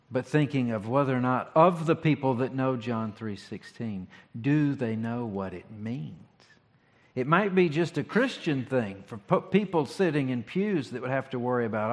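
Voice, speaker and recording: A pastor giving a sermon, talking in a conversational, reflective way with rhetorical questions. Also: male voice, mid-range voice. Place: church sanctuary. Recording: long hall reverb.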